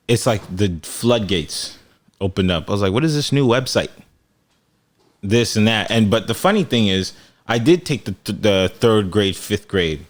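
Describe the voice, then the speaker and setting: A young man co-hosting a podcast, telling stories in casual chat and acting out the quotes. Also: lowish voice. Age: young adult. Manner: animated storyteller, acts out quotes. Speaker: podcast co-host.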